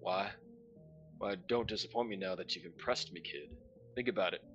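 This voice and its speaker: A man's voice: low-pitched, normal speed, a bit bright, muffled recording, faint music behind, pitched below the performer's own voice. A man voicing a sinister, theatrical clown showman who calls himself a Duke of Hell, mocking and threatening. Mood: menacing.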